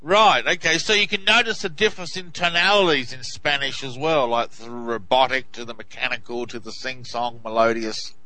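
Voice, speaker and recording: A male host leading a casual interview in a brisk, encouraging way. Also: mid-range voice, sharp tone, poor audio.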